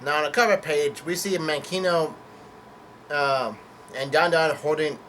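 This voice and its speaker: A man's voice: fairly high pitch, unhurried, fairly bright tone, slight background noise. A man casually recapping a comic chapter, hesitant, with many fillers, self-corrections and casual swearing. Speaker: manga chapter reviewer.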